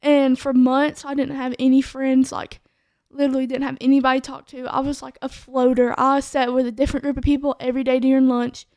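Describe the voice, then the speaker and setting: A woman's voice: high-pitched, flat delivery, brisk, few pauses, a little mellow, no room sound. A woman, a podcast co-host telling her testimony in a casual chat, full of "like" fillers.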